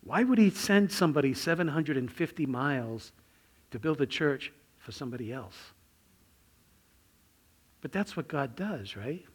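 A middle-aged man preaching a sermon, telling a personal story and swinging between hushed, near-whispered lines and sudden loud bursts. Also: on the high side, animated, normal speed, pauses often, husky. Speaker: pastor.

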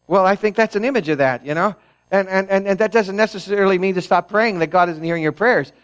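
A man preaches a sermon from the pulpit, his voice sitting a little high. He talks to the congregation casually, then builds to emphatic stretches. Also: fast talker, fairly bright tone, clear, resonant tone. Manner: conversational preaching, rising to emphatic peaks. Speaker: pastor.

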